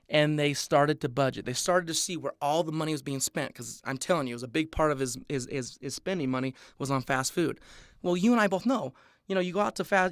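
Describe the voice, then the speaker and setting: Upbeat man pitching to a crowd, dry sound. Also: no room sound. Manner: upbeat, conversational, rhetorical questions to the crowd. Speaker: business opportunity presenter. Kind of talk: sales presentation to an audience.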